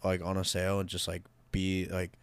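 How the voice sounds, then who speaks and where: A young man co-hosting a podcast from his bedroom studio, chatting in a relaxed way with plenty of fillers and laughing along. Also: low-pitched, brisk, smooth. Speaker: podcast co-host. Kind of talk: casual podcast banter.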